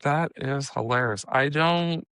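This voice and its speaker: A man from California, a guest comedian, chatting casually on a podcast with relaxed, hesitant speech and frequent restarts. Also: medium pitch, a little slow, clear, resonant tone, no room sound, clean studio sound.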